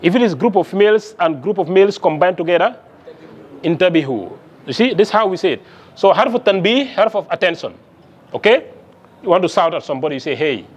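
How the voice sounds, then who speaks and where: A man's voice: high-pitched, expressive, fairly quick, breathy edge. A man lecturing on Arabic to a class, asking the students questions and checking their understanding with frequent "okay?" along the way. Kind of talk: classroom lesson.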